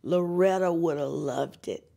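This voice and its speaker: Low, unhurried, and creaky, this older North Carolina woman tells stories in an interview about her life as a singer-songwriter. She brings the characters to life by imitating their voices and laughs a great deal.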